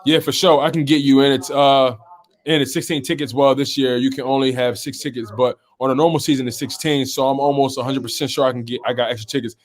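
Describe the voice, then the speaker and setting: A man's voice: medium pitch, fairly even intonation, fast talker. A man hosts a casual sports talk live stream. He reads viewer comments aloud one after another and answers each in an easygoing, chatty way, in a mid-range voice.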